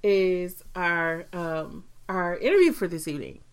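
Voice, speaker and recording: A woman's voice: fairly low pitch, animated, a little slow, clean tone. A woman co-hosting a podcast in casual chat, giggling often and rambling with many ums. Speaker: podcast co-host.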